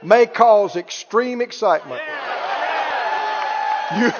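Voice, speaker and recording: A man preaching a sermon, exuberant, shouting praise and stretching words out for emphasis. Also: sits high, lively intonation, slow pace, dull audio, over a noisy crowd, heavy background noise. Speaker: pastor. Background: congregation.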